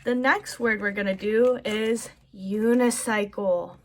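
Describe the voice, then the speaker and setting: A woman teaching a children's lesson, slowly modeling words and praising the listener. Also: medium pitch, steady tone. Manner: slow, encouraging, modeling words for kids.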